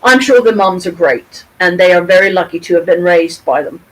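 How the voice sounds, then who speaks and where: A middle-aged woman from Michigan telling a story to her camera at home, rambling and animated, with frequent restarts and casual swearing. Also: lowish voice, fairly quick, poor audio. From Pontiac, Michigan, USA. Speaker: vlogger. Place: at home, with her cat nearby.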